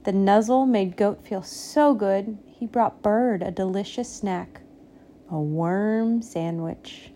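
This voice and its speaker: A woman reading a picture book aloud, slow and expressive, giving the animals little voices. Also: medium pitch, a little hiss or hum. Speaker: storybook reader.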